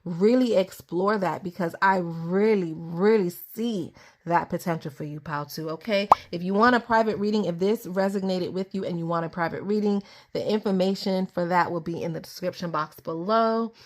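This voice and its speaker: A young adult woman giving a casual tarot reading to camera at her table, chatty and easily excited, laughing often. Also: on the low side, normal speed. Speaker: tarot reader.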